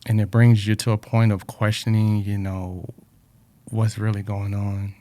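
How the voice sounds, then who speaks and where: A man with a low-ish, dark voice speaks at a measured pace with flat delivery. In a reflective personal talk he earnestly shares life lessons, repeating words often, emotional and with a drying throat.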